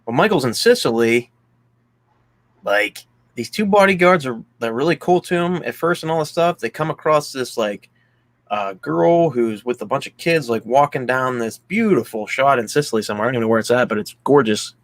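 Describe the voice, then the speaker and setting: A man's voice: mid-range voice, lively intonation, moderate pace, dry recording. A young man co-hosting a casual movie podcast, retelling the plot in a rambling way, full of "like" and acted-out quotes. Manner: rambling, heavy use of "like", acts out quotes. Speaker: podcast co-host. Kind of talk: casual movie recap chat.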